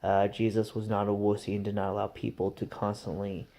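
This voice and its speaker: A man's voice: lowish voice, flat delivery, fairly quick, vocal fry, dark tone. A man telling a rambling, conversational story to camera in a casual vlog. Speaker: vlogger.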